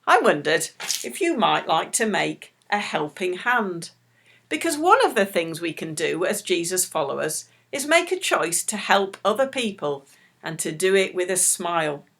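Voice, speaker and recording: A middle-aged woman leading a children's church talk, speaking slowly and gently to small children. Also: fairly low pitch. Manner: slow, animated, talks warmly to small children.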